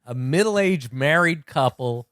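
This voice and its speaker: A man's voice: on the high side, clear, resonant tone, no room sound. Dry-witted middle-aged man telling stories. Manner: dry, deadpan anecdotes with quick quips. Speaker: guest, TV comedy writer. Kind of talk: casual podcast storytelling.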